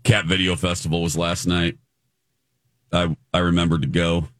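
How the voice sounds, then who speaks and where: A man hosting a morning radio show, chatting in a playful, jokey way with drawn-out exclamations. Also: low-pitched, little pitch movement, a bit bright, no echo, studio quality. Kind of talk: casual morning radio banter.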